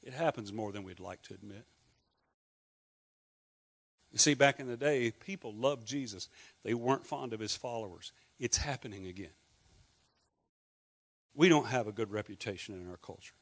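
A man's voice: fairly low pitch, normal speed, long pauses. A middle-aged Scottish man preaching a sermon in a conversational way, asking the congregation questions and adding joking asides. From Scotland. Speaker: pastor.

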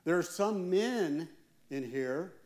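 A man, a church elder, preaching a sermon with earnest, slow, emphatic pauses. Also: a little high, expressive, darkish tone.

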